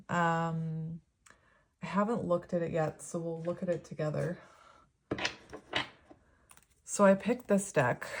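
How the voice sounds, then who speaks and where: A woman giving a tarot reading, reading card meanings aloud and talking them over in a gentle, rambling way. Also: fairly low pitch. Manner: gentle, rambling, with frequent fillers and soft laughs. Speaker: tarot reader.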